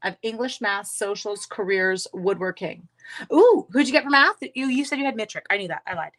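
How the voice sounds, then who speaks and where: A woman's voice: mid-range voice, lively intonation, fairly quick, fairly bright tone. A woman hosting a crafting livestream, chatting casually with viewers and teasing herself while she works. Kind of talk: casual crafting chat, reading viewer comments. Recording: faint background noise.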